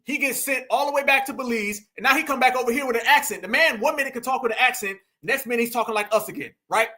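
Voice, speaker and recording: High bright guy ranting on his channel, mocking and preachy. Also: quick pace. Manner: mocking, preachy, emphatic with asides to viewers. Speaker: commentary host. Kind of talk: heated commentary monologue.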